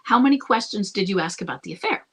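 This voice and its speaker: A couples coach speaks to camera in a fast, animated, mid-range voice that is husky and fairly bright. Taking a listener's question on rebuilding a marriage, she is earnest and reassuring, often says "okay?" to check in, and thinks aloud with restarts.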